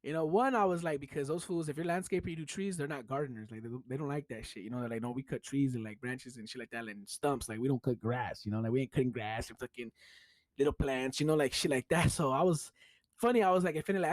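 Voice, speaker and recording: A man's voice: medium pitch, quick pace, no echo. A young man with a Chicano English accent, hosting his own podcast and telling a story in a casual, profane way, laughing often. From United States. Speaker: podcast host.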